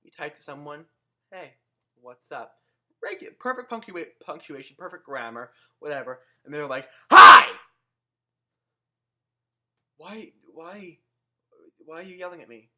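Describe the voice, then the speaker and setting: A young man ranting sarcastically into his own camera in a comedic vlog, animated and given to swearing. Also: a little high, normal speed. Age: young adult. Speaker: vlogger.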